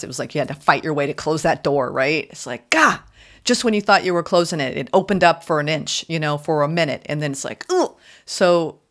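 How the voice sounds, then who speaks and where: Woman reading tarot cards, chatty and emphatic, says "right?" and "like" a lot, goes from loud bursts to quiet murmurs. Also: deep voice. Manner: expressive, emphatic, swings between loud exclamations and soft murmurs. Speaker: tarot reader. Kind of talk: casual spoken tarot reading.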